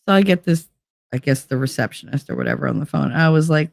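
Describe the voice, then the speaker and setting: A woman's voice: sits low, brisk, vocal fry, dry recording. A woman vlogger telling a story as a blunt, profane rant in a casual chat.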